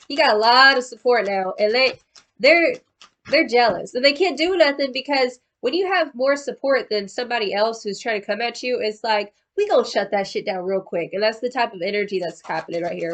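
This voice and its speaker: A woman's voice: a little high, a bit bright. A woman giving a casual tarot card reading in a slangy, profane, chatty way, calling the listener boo-boo. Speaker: tarot reader.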